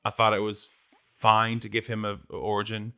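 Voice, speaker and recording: A man co-hosting a casual podcast chat, a non-native English speaker, easygoing and relaxed, with some hesitant restarts. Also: lowish voice, normal speed, smooth. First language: not English. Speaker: podcast co-host.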